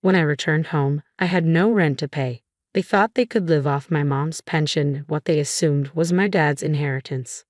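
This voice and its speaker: Female narrator with a deep voice, steady scripted storytelling, dry close voice-over. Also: normal speed, dry recording.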